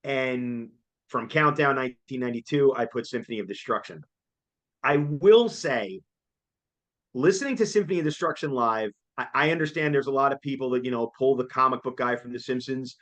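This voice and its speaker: A man, chatting casually as co-host, excitable and jokey and laughing often. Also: mid-range voice, fairly quick. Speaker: co-host reviewing a concert. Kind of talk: casual chat.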